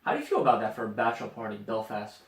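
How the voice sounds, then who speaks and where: Male podcast co-host, casual profane storyteller, very animated delivery, echoey room. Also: fairly low pitch, rapid-fire. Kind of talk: casual chat. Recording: echoey room, mic at a distance.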